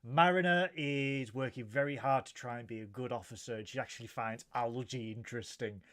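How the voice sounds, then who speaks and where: A man's voice: medium pitch, brisk, a bit bright. A man co-hosting a casual episode review, rambling with lots of ums and laughs. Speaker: podcast co-host.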